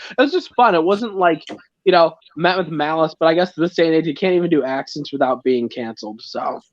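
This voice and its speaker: A man's voice: fairly high pitch, no echo, lo-fi sound. A man hosting a livestream in casual chat, joking and laughing often. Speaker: livestream host.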